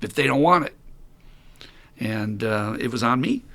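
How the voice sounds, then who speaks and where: A man's voice: mid-range voice, lively intonation, unhurried, gravelly, a bit bright. A man hosting a podcast about recovery, speaking bluntly, swearing freely and telling stories from his time as a sponsor. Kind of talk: candid podcast conversation.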